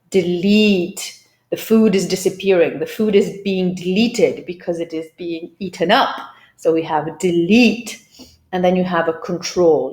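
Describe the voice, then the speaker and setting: A woman teaching English pronunciation, explaining clearly and drilling words by repeating them. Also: on the low side, moderate pace, a little mellow. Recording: roomy echo.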